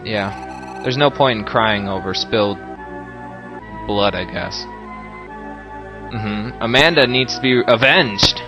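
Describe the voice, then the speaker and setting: Over background music, a let's play commentator with a lowish voice speaks slowly, pausing often. He still keeps things joking and lively, addressing his viewers casually as he plays.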